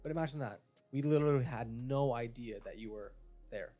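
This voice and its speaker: A man's voice: mid-range voice, brisk, dark tone, faint music behind. Man joking crudely on a podcast. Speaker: podcast co-host. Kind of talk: casual banter.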